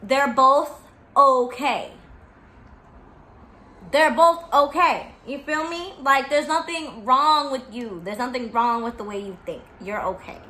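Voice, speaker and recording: Blunt, bright-voiced young woman vlogging. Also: high-pitched, slow, roomy sound. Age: 20s. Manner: blunt, profane and emphatic, with reassuring repetition. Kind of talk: candid talk to camera.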